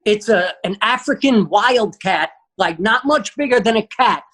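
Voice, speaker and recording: A man with a high voice that jumps all over the place tells a comic story. He's punchy and profane, and his delivery swings hard as he builds each beat. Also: expressive, measured pace, a bit bright. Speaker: comedian guest.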